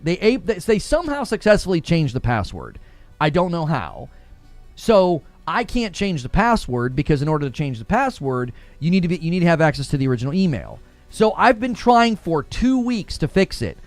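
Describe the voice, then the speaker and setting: Animated man chatting on a gaming stream. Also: a little high. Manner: animated, jokey, acts out little scenes in quick put-on voices. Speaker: livestream host reacting to gaming videos. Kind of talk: casual livestream chat.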